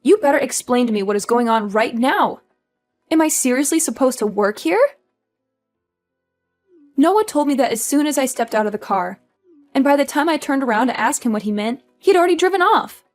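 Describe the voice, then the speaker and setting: A woman's voice: sits high, lively intonation, moderate pace, soft background music. A woman voicing a spoiled, entitled sister-in-law who taunts with mocking laughs, in a dramatized story. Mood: indignant. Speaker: voice actor.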